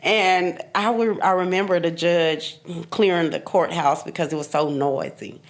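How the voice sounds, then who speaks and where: Unhurried and on the low side, this woman in her fifties speaks with fairly even intonation as a podcast guest. She shares her personal story bluntly, hammering points home with repeated phrases and laughing occasionally at painful memories.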